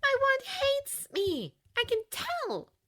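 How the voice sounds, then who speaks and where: A woman putting on a high, tearful schoolgirl witch. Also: sing-song, moderate pace, fairly bright tone, full character voice. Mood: earnest. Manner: high, trembling, easily upset. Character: tearful young schoolgirl witch, girl about twelve. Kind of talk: audiobook character voice.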